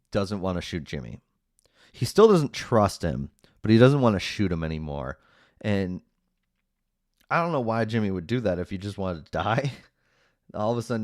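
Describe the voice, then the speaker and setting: A low-voiced man talks through a plot recap in a loose, rambling podcast style, with fillers piling up between his points. His dry, close sound carries a wry, sarcastic edge as he picks the story apart. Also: expressive, normal speed, long pauses, a little mellow, no echo. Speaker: podcast host recapping a movie. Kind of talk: casual spoken recap.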